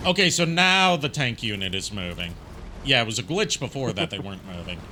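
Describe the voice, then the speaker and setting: Streamer, male, casual rambling game commentary, animated delivery, noisy recording. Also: mid-range voice, brisk. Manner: rambling, self-deprecating, laughs at himself. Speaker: streamer playing a video game.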